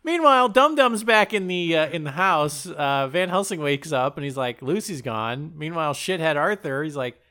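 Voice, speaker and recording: A man's voice: on the high side, lively intonation, normal speed, few pauses, bright, forceful tone, clean tone. A man casually recapping a movie with a co-host, crude and jokey, acting out the characters in silly voices.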